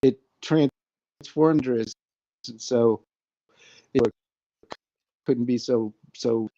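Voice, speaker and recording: A male guest talks slowly in halting fragments, his tone dark and relaxed. His audio comes through muffled and lo-fi over an internet connection that keeps dropping, dry with no room sound. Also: medium pitch, no echo. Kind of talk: casual conversation.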